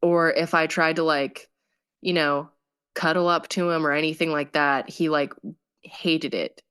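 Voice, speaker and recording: A woman telling her own story in a casual, halting way, with many fillers. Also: low-pitched, steady tone, a bit bright, clear, resonant tone. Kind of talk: personal testimony.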